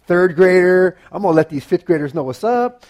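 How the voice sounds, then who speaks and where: A man giving a youth sermon, telling a personal story in an animated way with frequent "right?" asides to the audience. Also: sits high, brisk. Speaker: youth pastor.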